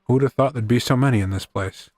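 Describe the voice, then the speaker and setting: A man's voice: mid-range voice, quick pace, a little mellow, dry recording, studio quality. A man casually commenting as he plays a video game, rambling and cracking self-deprecating quips. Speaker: gaming video host.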